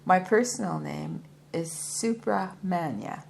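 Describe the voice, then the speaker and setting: A woman's voice: on the low side, sing-song, slow pace, vocal fry, darkish tone, a little hiss or hum, exaggerated voice. A woman voicing a proud, hefty male yogi and former soldier who speaks formally and politely, calling his listener sir. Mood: earnest.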